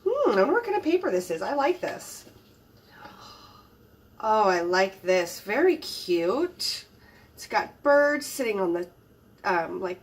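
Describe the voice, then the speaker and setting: A woman hosting a crafting channel, narrating an unboxing in a casual, gushing way, admiring each item with soft exclamations. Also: fairly high pitch, far from the mic.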